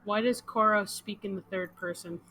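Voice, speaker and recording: A woman's voice: medium pitch, steady tone, normal speed, pushed and bright, slight background noise. A woman playing a tabletop game, teasing and joking with the others. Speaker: player. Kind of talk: casual tabletop role-play.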